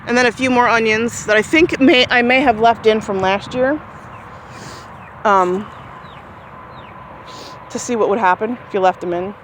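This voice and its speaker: A woman's voice: normal speed, pauses often, a bit bright. Casual woman showing off her veggie garden outside, rambly and friendly, faint chickens and outdoor hiss behind. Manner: chatty and rambling, talks to her chickens in a high sing-song. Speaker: gardening vlogger. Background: birds and chickens clucking faintly.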